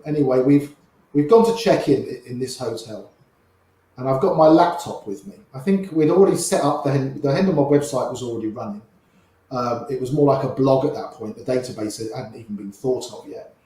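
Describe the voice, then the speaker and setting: A chatty older man, there as a guest storyteller, shares anecdotes and imitates the voices of the people in them. His voice is mid-range and warm, and he talks a little fast. The space is very echoey.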